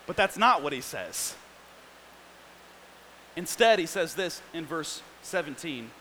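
A man's voice: on the high side, very animated, slow pace, bright, forceful tone, slight background noise, low-quality recording. A man preaching a sermon, reading scripture and explaining it with earnest, building emphasis.

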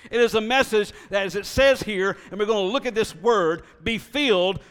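Guy preaching a sermon, pretty high voice, leans hard on key words, big echoey church hall. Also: clean tone. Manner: preaching with emphatic slow stresses, then dropping into quiet storytelling. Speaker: pastor.

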